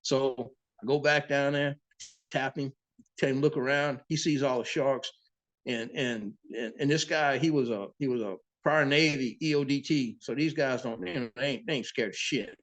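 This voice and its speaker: A boat captain, a man, telling sea stories in a casual, profane, animated way as an interview guest. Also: mid-range voice, moderate pace. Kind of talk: casual storytelling.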